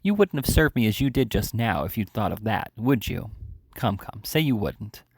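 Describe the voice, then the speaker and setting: A man's voice: fairly low pitch, expressive, normal speed, darkish tone, breathy edge, no echo. A man reading aloud, voicing a weary young woman who pleads tenderly and holds back tears. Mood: pleading. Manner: tender, pleading, a little tearful. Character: weary young woman, patient yet wounded.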